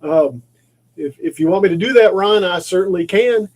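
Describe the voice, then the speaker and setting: With a crowd audible in the background, a man hosts a relaxed livestream from his maker shop while working. His voice sits high at normal speed, and his rambling talk is full of repeats and restarts.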